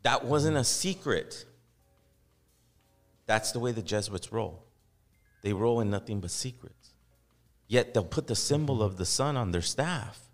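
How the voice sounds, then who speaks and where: A man's voice: fairly low pitch, lively intonation, measured pace, pauses often, soft background music. A man hosting a podcast, ranting with passion and profanity and voicing mock quotes to make his point. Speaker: podcast host. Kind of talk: heated podcast discussion. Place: podcast studio.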